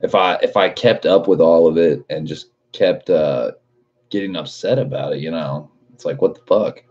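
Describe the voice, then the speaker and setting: A man's voice: very deep voice, normal speed, darkish tone, dull audio. A man in his late twenties chatting casually on a livestream, reading out chat messages and swearing often. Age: 20s. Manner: laid-back, swears a lot, laughs often.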